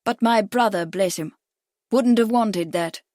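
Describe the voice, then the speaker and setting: A foppish, dim-seeming English aristocrat, as a woman narrator puts him on, lisping in an exaggerated upper-class drawl. He talks fatuously and expansively, raised a little high and bright. Dry, close audiobook sound. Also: measured pace, no room sound, natural voice. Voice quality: exaggerated posh lisp. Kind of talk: audiobook character voice.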